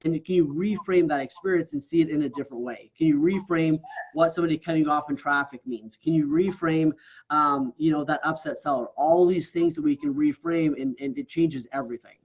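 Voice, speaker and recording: A man's voice: fairly high pitch, a little fast, muffled recording. A man as a podcast guest, talking earnestly and casually and often ending his thoughts with "right?". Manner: earnest, tags many lines with "right?". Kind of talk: casual interview talk.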